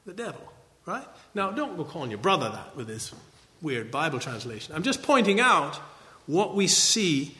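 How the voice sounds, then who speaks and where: A man's voice: on the high side, big pitch swings, moderate pace, pushed and bright. Man teaching in a reverberant hall. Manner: conversational, checks in with rhetorical "right?". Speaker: Bible teacher. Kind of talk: Bible teaching lecture.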